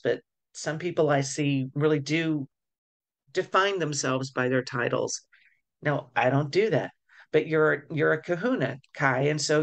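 Reflective woman co-hosting a podcast. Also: low voice. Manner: reflective, thinks aloud with restarts. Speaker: podcast co-host, energy healer. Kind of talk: casual podcast chat.

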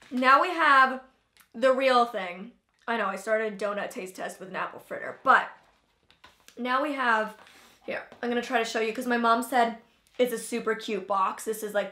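Bright, chatty young woman in an echoey room. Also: fairly high pitch, normal speed. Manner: chatty, filler-heavy, talks while chewing. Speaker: vlogger host. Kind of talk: casual taste-test chat.

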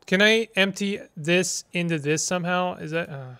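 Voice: mid-range voice, fairly even intonation, normal speed, sharp tone, clean tone. A gaming streamer giving let's play commentary, playful and exasperated, with dramatic outbursts, silly made-up words and the odd muttered aside.

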